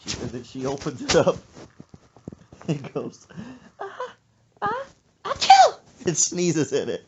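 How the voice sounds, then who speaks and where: A woman with an extremely low voice hosts a podcast, telling a comic story at an unhurried pace. She's animated, laughing between lines and adding sound effects, and the lo-fi podcast audio is muffled and very noisy.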